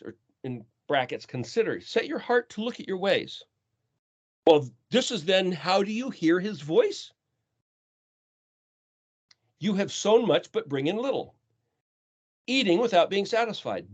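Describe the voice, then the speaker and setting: A man teaching scripture in an earnest way, asking many rhetorical questions. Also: a little high. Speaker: teacher of a scripture study call. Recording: dull lo-fi sound.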